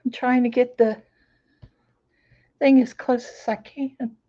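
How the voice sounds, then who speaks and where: Chatty hoarse woman, high and slow, mellow tone, live on a laptop. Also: little pitch movement, highs cut off. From Florida. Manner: chatty, greets viewers by name. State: hoarse, recovering voice. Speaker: crafting channel host. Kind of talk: casual livestream chat. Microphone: laptop microphone.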